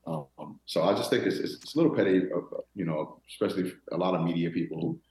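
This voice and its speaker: A man in his thirties, a former football player from Florida, telling stories in a relaxed interview with many restarts. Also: low-pitched, fast talker, gravelly, roomy sound, low-quality recording. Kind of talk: casual interview talk.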